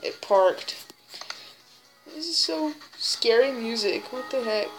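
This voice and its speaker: A woman giving excitable gameplay commentary in a put-on silly voice, full of exclamations. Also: a little high, slow pace. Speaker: gaming video creator. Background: game music.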